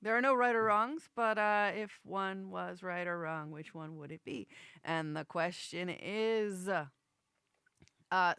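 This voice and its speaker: Woman host, smooth clear voice, jokey, swears a lot, dry sound. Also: medium pitch, fairly bright tone, no echo. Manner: joking, swears freely, drawn-out announcer bits. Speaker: podcast host. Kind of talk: casual chat, segment intros.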